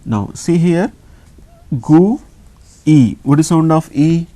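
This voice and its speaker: A man from India with an Indian English accent, teaching a slow classroom lesson and patiently repeating each sound. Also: on the high side, warm tone. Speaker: language teacher.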